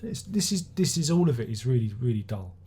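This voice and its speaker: A man talks through an album review in a loose, rambling way, full of sarcasm, swearing and false starts. His voice is mellow and a little husky, and he sounds like he is chatting off the cuff rather than reading from a script. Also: medium pitch, very animated, brisk. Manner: sardonic, swearing, rambling with restarts. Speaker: music reviewer. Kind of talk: casual spoken album review.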